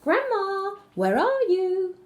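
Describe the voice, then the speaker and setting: A woman's voice: on the high side, wildly swooping pitch, measured pace, voice pushed up. A woman voicing a brave, cheerful little girl in a read-aloud fairy tale, speaking boldly. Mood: bold, childlike. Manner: bold, bright.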